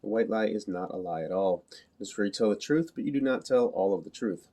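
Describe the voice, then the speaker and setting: A man reading a novel aloud in the first person, in a flat, literal, measured way. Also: fairly low pitch. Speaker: audiobook reader.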